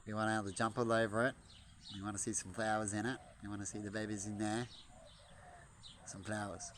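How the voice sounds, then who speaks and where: A man's voice: on the low side, level tone, brisk, fairly bright tone, a little hiss or hum. A man vlogging outdoors in a backyard in a casual, jokey way, chatting to camera and to the birds. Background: birds chirping.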